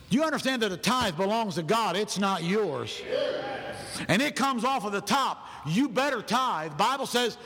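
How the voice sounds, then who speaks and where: A man preaching a sermon in a church, animated and loud, acting out people's excuses in his own voice. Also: extremely high pitch, normal speed. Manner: animated, shouting, acts out other people's excuses. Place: church sanctuary. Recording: long hall reverb in a church.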